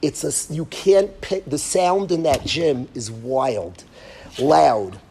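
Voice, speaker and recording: A man, a rabbi giving a parenting lecture, telling a vivid story that swings from hushed to emphatic. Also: on the high side, slow pace, a little hiss or hum.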